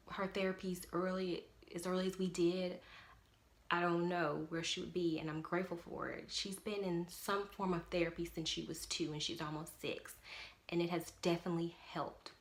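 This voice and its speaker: A woman's voice: on the low side, flat delivery, moderate pace. A young woman talking casually to camera as a parent vlogger, earnest and emphatic. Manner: earnest, emphatic, repeats "definitely".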